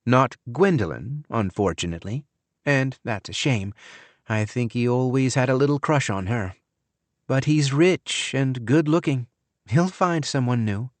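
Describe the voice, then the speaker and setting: A man's voice: medium pitch, lively intonation, a little slow, no echo, pitched above the performer's own voice, close to an everyday voice. A man voicing a cold, scheming young woman in an audiobook, with a breezy, offhand delivery. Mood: breezy, callous. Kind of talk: audiobook character voice.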